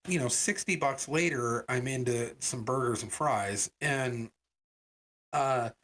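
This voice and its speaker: A man co-hosting a podcast, telling a story in casual chat and acting out the people he quotes. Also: slow pace. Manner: animated, voices quoted people with big pitch jumps. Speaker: podcast co-host.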